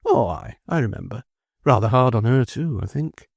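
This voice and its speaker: A man's voice: mid-range voice, lively intonation, normal speed, gravelly, darkish tone, husky, no echo. A man voicing a male court clerk who gossips in an offhand way. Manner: offhand, whispering aside.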